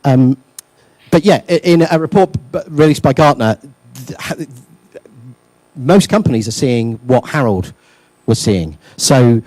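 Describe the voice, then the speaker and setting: A man speaks at a conference workshop, loose and self-mocking, with plenty of ums and uhs. His voice is mellow and dark in tone. The sound is close and dry, with little room in it. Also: mid-range voice, expressive, a little slow, long pauses, dry recording. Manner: self-deprecating, joking, many fillers. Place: lecture room.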